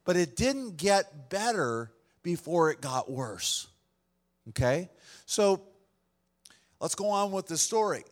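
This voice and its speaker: A man's voice: sits high, very animated, slow, pauses often. Earnest storytelling male pastor. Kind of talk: sermon. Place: room with a congregation.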